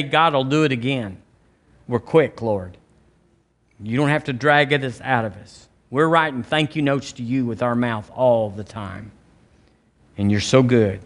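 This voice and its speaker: Emphatic Southern pastor preaching. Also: male voice. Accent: Southern American. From Alabama, US. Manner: emphatic preaching with sudden loud high rises. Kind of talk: charismatic sermon and prayer. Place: church sanctuary.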